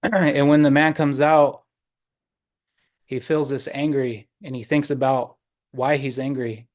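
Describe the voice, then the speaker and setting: Unhurried male storyteller on a video call. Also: mid-range voice, level tone. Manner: unhurried, warm with many pauses and fillers. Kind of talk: oral storytelling.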